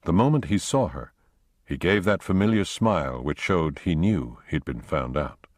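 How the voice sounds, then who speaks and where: A man reading a thriller audiobook aloud in a measured, steady narration. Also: low-pitched, dry recording, studio quality. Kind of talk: scripted narration.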